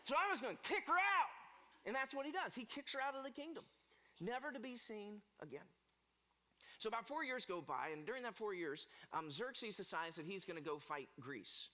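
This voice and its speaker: A man pastor, preaching a sermon in a church and telling a Bible story in a lively, humorous way, getting the congregation to repeat words after him. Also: sits high, normal speed. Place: church sanctuary.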